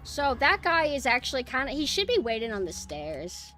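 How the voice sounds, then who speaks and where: A young woman streaming a game live, swearing and yelling in frustration at the game. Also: high-pitched, big pitch swings, moderate pace, soft background music.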